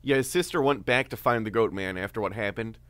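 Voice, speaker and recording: A man co-hosting a podcast, telling a story in a relaxed, casual way with many fillers. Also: on the low side, quick pace, no room sound. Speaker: podcast co-host.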